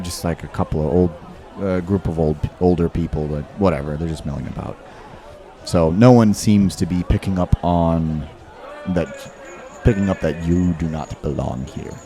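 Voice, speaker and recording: A man's voice: low voice, mellow. A man narrating as game master in a rambling, casual way, full of fillers. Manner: rambling, filler-heavy, laughs often.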